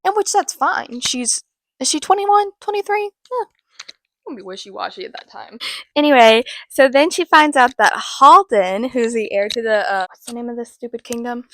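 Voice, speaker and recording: A woman's voice: fairly high pitch, expressive, moderate pace, dry recording. A woman hosting a casual book recap, talking in a rambling, chatty way with self-mocking asides. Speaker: host.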